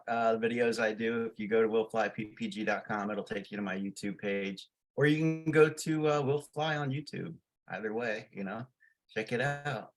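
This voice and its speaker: A man's voice: medium pitch, a bit bright. A man on a podcast panel, joking around, laughing often and plugging his show. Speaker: panel regular, show organizer. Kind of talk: casual panel chat.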